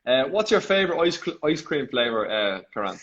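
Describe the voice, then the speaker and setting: A man hosting a casual live video call interview, laughing often and firing off quick playful questions. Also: mid-range voice, very animated, fairly bright tone. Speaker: host. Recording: slightly dull video call audio.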